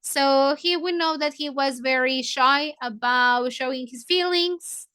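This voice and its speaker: Slow, bright-voiced woman. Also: high-pitched. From Mexico. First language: Spanish. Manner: paraphrases lines, glosses words in Spanish. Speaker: book club leader. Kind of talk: explaining a novel to English learners.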